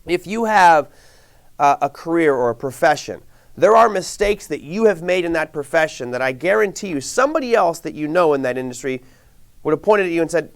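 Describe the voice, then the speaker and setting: A man leads a live online class, his voice bouncing up and down as he asks the audience rhetorical questions. He sits a little high in pitch and keeps a loose, conversational flow as he reads comments from the chat. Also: lively intonation, fairly quick, gravelly. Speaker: trading instructor. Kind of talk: live webinar teaching.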